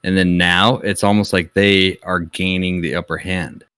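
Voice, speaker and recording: A young man with a very low, deep voice rants bluntly on a podcast, swearing freely as he talks. The sound is close and dry, with no room echo. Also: little pitch movement, normal speed, pushed and bright, clear, resonant tone. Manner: blunt, profane, ranting. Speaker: podcast co-host. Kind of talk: casual chat.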